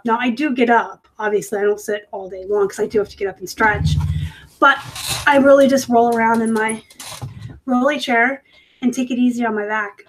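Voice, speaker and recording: A woman's voice: on the high side, poor audio. A woman hosting a casual live stream from a room at home, chatty and rambling, with frequent fillers and self-corrections. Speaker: host of a live reselling show. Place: home room set up for work.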